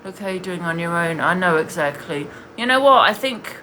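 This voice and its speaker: A woman's voice: on the low side, expressive, normal speed, pushed and bright, a little hiss or hum. A woman streaming live, bluntly and scornfully ranting while she answers viewers' comments. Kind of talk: heated live-stream rant.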